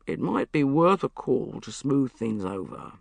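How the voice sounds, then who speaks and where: A narrator voicing a male police inspector who speaks in a calm, reassuring way. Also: medium pitch, unhurried, creaky, no room sound, voice pushed down, full character voice. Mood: calm wry.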